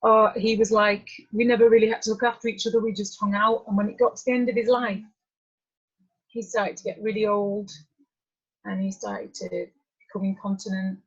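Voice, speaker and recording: Husky woman telling a personal story. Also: medium pitch, flat delivery, normal speed. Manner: candid, conversational, drifting asides. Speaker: workshop speaker. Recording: muffled lo-fi recording.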